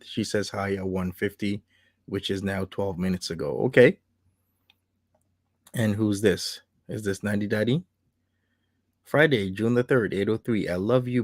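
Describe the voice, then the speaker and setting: A man's voice: lowish voice, unhurried, long pauses, no echo, studio quality. Sarcastic man hosting a livestream. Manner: sarcastic, laughing, chatty. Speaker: livestream host. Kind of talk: casual livestream commentary.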